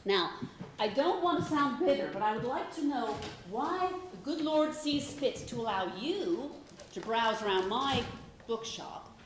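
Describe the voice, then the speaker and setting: A woman's voice: lowish voice, lively intonation, measured pace. An actress on a stage playing a witty woman writer who reads out her wry, teasing letters. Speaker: stage actor. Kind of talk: stage play reading letters aloud. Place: theatre stage. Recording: roomy theatre, from far off, faint noise.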